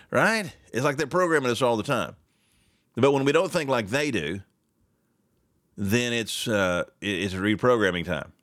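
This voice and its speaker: A man hosting a political talk show, talking in a sarcastic, animated and mocking way. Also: mid-range voice, a little slow, long pauses, no echo, studio quality.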